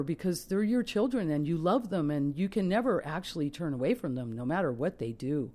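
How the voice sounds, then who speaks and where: Middle-aged woman, warm mellow tone, earnest, reflective testimony. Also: deep voice, lively intonation, normal speed, few pauses. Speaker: mother of a soldier. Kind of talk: personal testimony.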